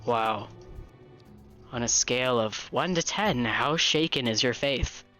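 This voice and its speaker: Aradia, a streamer doing a hushed calm girl troll. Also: soft background music. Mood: calm, wistful. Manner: slow, low, hushed delivery. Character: calm cryptic girl troll, soft and detached. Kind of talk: reading a visual novel aloud.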